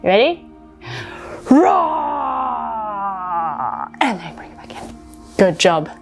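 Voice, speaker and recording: A woman's voice: on the low side, very animated, fairly quick, faint music behind. Upbeat woman leading kids' yoga. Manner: upbeat, encouraging, instructive. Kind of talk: storytelling yoga lesson for children.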